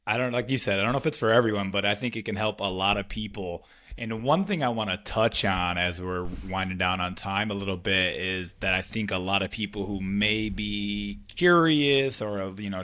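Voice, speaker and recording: Male host, lowish voice with a bright edge, encouraging interviewer. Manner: encouraging, asks open questions. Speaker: podcast host. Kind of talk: casual interview talk.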